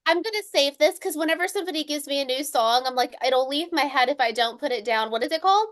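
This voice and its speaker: A chatty woman with a somewhat high voice talks casually as a podcast guest. She giggles often and peppers her sentences with "like". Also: fast, a bit bright. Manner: giggly, chatty, uses "like" a lot. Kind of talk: casual chat.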